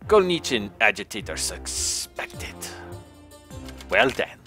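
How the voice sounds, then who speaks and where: A man's voice: medium pitch, sing-song, moderate pace, a bit bright, soft background music. A man streaming a game live, talking to the on-screen travelers in a stiff, formal border-inspector manner. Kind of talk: live gameplay commentary.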